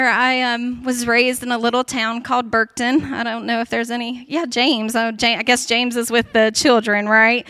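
Emotional, high bright-voiced woman preaching. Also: flat delivery, moderate pace, hardly any pauses, clean tone, soft background music. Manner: emotional, tearful at times; repetitive fervent prayer cadence. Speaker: guest speaker sharing testimony. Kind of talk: spoken prayer then personal testimony.

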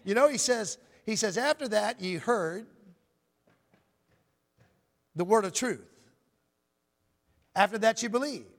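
A man's voice: sits high, expressive, slow pace, pauses often, fairly bright tone, in a large hall. A man preaching a sermon as pastor, praying and then teaching with emphatic call-and-response asides to his congregation. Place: church sanctuary.

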